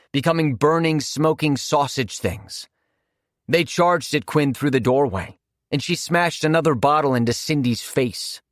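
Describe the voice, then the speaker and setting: A man narrating a horror audiobook in a measured, vivid storytelling manner. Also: mid-range voice, no echo, studio quality.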